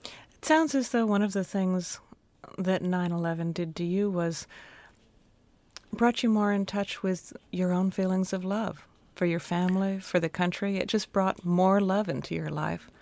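A woman with a lowish, gravelly voice asks interview questions gently and thoughtfully. The recording is close and dry, with no room sound. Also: a little slow, no echo.

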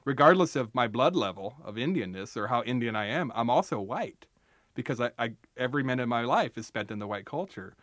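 Young male author guest, animated storyteller, mid-range pitch, dry recording. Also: brisk, dry recording. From United States. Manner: emphatic, wry, storytelling with restarts. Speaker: interview guest, writer. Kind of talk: animated conversational interview.

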